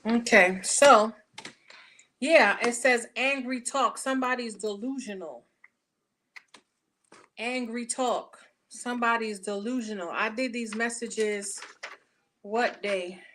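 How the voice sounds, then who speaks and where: A woman giving a casual tarot reading, talking bluntly and profanely with animated storytelling. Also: a little high, slow pace, pauses often, slight background noise. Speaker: tarot reader.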